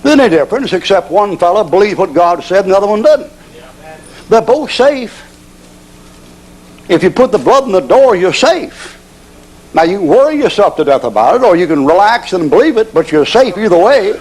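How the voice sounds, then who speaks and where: A man's voice: high voice, very animated, moderate pace, darkish tone, low-quality recording. A man preaching a storytelling sermon, folksy and acting out characters in dialogue.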